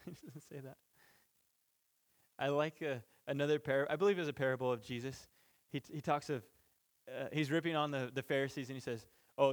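A man teaching through a Bible passage in an informal, conversational way, chuckling between points and restarting sentences. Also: mid-range voice. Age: parent of children. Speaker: pastor.

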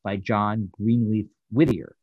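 A man's voice: on the low side, steady tone, takes it slowly, no room sound, lo-fi sound. A man co-hosting a casual review podcast, recapping scenes in a thoughtful, hesitant way with fillers. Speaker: podcast co-host reviewing a sitcom episode.

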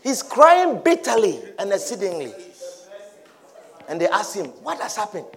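A man preaching a sermon. He talks emphatically, repeats his phrases and swings into loud shouted declarations. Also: high voice, very animated, normal speed, vocal fry.

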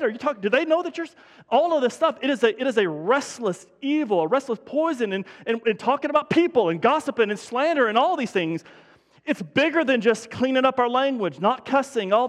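A male pastor with a high voice delivers a conversational sermon and drives home his points by repeating them. His voice carries a long reverb from the church hall. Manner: conversational preaching with emphatic repetition.

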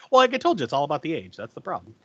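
A man's voice: fairly high pitch, husky, dry recording, muffled recording. A man co-hosting a podcast, recapping a film scene by scene in casual chat and laughing often. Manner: laughs often, lively storytelling with restarts.

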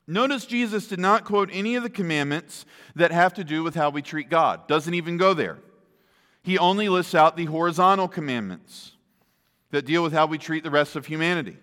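A man's voice: fairly high pitch, a little fast, a bit bright, big-room sound. A man preaching a sermon, emphatic and often asking the listeners rhetorical questions.

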